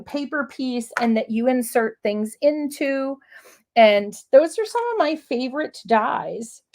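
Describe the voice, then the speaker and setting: A woman leading a live craft-along, chatting in an upbeat way as she works through each step. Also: high-pitched. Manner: chatty, upbeat, talks while working. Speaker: craft demonstrator.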